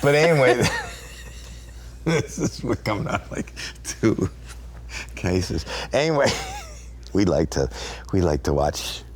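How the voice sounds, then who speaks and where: Low-voiced man in his sixties, animated storyteller. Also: slow pace, long pauses, a little hiss or hum. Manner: animated, laughing, acts out quoted voices. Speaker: interview guest. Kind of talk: casual storytelling.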